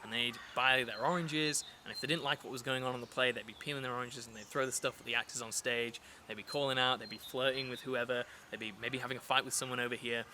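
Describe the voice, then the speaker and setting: A man's voice: mid-range voice, steady tone, fast talker, few pauses, pushed and bright, a little hiss or hum. A man teaching a casual lesson on poetry, explaining in a chatty way with fillers and restarts. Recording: outdoor recording with clear nature sounds behind. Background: birds and rural ambience.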